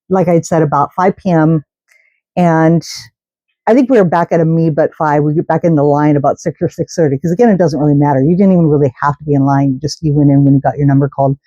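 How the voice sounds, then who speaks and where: A woman's voice: low-pitched, mellow, dry recording, muffled recording. Chatty woman telling a story to camera. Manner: chatty and rambling, with restarts. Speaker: host. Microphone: camera mic.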